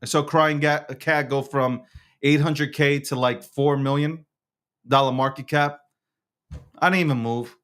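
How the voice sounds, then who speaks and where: A man's voice: mid-range voice, steady tone, moderate pace, fairly bright tone, clear, resonant tone. A man hosting his own show, talking in a casual, slangy monologue with lots of stammered restarts. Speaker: show host.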